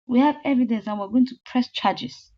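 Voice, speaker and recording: A woman's voice: fairly high pitch, normal speed, lightly acted. A woman voicing a stern young man who accuses and threatens charges. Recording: slightly muffled lo-fi audio.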